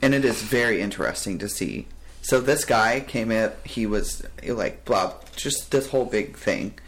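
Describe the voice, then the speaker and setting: A young man hosting a podcast, telling stories in a casual, animated way and laughing often. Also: on the low side, normal speed. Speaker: podcast host. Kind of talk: casual chat.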